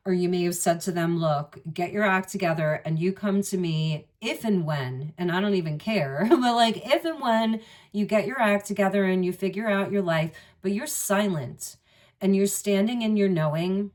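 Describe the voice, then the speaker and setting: A woman's voice: mid-range voice, a little mellow, recorded from a distance. A woman giving a musing, intimate tarot reading, speaking straight to the listener. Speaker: tarot reader. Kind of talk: spoken tarot reading to the viewer.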